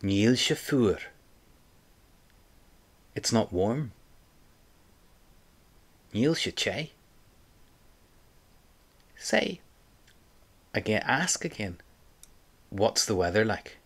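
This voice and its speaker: A man's voice: fairly low pitch, very animated, extremely slow, long pauses. A man teaching an audio language lesson, patiently prompting the listener and repeating phrases for them to say back.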